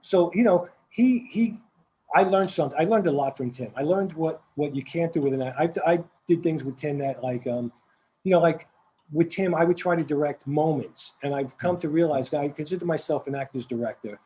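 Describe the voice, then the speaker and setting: An older man with a Staten Island accent, a film director telling rambling, animated stories in an interview, repeating words as he goes. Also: fairly high pitch, a little fast, slight background noise, low-quality recording. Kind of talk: casual storytelling interview.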